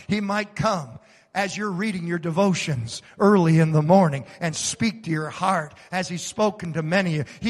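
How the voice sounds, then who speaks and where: High-pitched male pastor, slow, dramatic sermon with bursts of shouting, echoing church hall. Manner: preaching with sudden shouts and dramatic swings. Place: church sanctuary.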